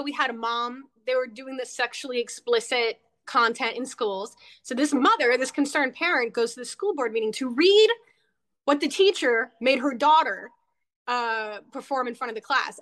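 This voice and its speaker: A woman's voice: fairly high pitch, moderate pace, a bit bright. A woman guest on a talk show, a political candidate speaking bluntly and heatedly, swearing freely. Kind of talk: casual interview.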